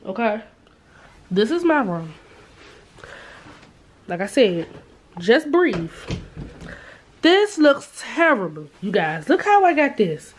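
A woman's voice: fairly high pitch, sing-song, slow, long pauses, a little hiss or hum. A woman in her twenties, chatting casually to her camera as a vlogger, full of fillers and asides to viewers, first in a store and then in her bedroom. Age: 20s. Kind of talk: casual vlog chat to camera. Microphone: camera held or set up by herself.

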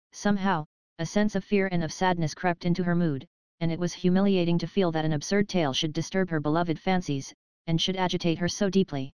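A woman narrating an audiobook in a measured, even storytelling manner, close to the mic. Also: on the low side, clear, resonant tone, no echo, poor audio. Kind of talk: scripted narration.

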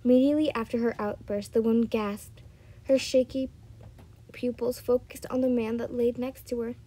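A woman's voice: on the high side, little pitch movement, normal speed, dark tone, slightly rough, poor audio. A woman reading fan fiction aloud, often stumbling and correcting herself. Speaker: storyteller.

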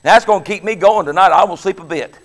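A man preaching an exuberant sermon as pastor, breaking into shouts and laughter. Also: sits high, fast talker, gravelly, background noise.

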